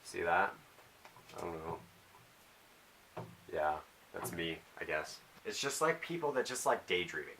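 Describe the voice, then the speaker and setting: A teenage boy rambles through a casual vlog, his voice bright and forward on a lowish pitch. He drifts between self-deprecating asides and jokes. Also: big pitch swings, moderate pace, slight background noise. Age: teens. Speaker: vlogger.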